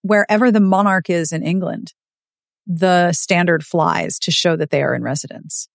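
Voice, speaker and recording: A woman's voice: fairly low pitch, moderate pace, creaky, no echo, clean studio sound. A woman co-hosting a podcast, recapping a romance novel in casual chat and acting out the characters' lines in playful voices. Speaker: podcast co-host.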